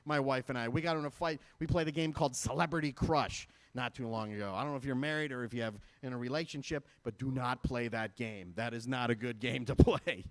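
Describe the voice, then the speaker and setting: A man's voice: medium pitch, a little fast, few pauses. A man in his thirties from Michigan doing a stand-up comedy set, self-deprecating and chatty with the audience. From Michigan, USA. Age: 30s. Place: live event stage at a school fundraiser.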